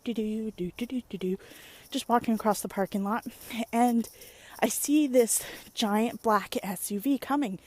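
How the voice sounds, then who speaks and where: A woman's voice: on the high side, no echo. Chatty young woman telling a story. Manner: rambling, animated storytelling with many "like"s and playful exclamations. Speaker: vlogger. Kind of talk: casual chatty vlog. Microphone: phone or webcam at arm's length.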